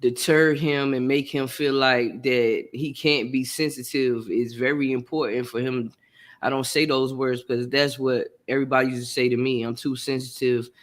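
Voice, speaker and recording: A man's voice: medium pitch, fairly even intonation, normal speed, fairly bright tone. A man hosting a podcast who talks in an earnest, heartfelt way and often repeats his phrases. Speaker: podcast host. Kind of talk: casual chat.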